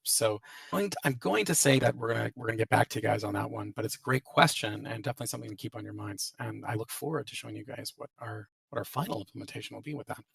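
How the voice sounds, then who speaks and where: Gravelly man with robotic-sounding audio. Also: lowish voice, racing, a bit bright, no echo. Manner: hedging, many restarts and fillers. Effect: robotic glitchy audio. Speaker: game developer hosting a Q&A. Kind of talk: casual live Q&A, reading out and answering questions. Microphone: voice chat call. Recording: dry, distant, robotic-sounding voice chat audio.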